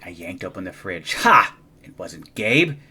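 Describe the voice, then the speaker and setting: Guy reading a kids picture book out loud, super lively, swoopy voice. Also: low voice, a little slow, husky. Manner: animated, expressive. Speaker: storybook reader. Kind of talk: children's read-aloud.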